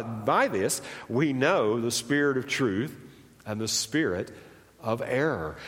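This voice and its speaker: Southern American pastor preaching in a hall. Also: male voice, mid-range voice. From United States. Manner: conversational, animated preaching that swings up and down. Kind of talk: sermon. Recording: long reverb of a church hall.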